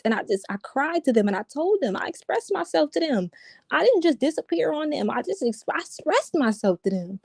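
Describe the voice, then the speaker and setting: Warm-voiced woman, interview guest, casual and repetitive, dry close sound. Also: high-pitched, sing-song, a little fast, creaky, no room sound. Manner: casual, repetitive, restarts often, says "yo". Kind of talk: emotional personal account.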